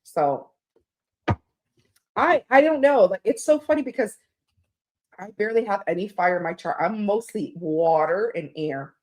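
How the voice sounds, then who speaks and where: A woman's voice: medium pitch, expressive, unhurried, pauses often, darkish tone. Chatty rambling woman hosting a livestream. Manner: rambling, chatty, candid, laughs often, swears casually. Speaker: livestream tarot host. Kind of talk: casual livestream chat.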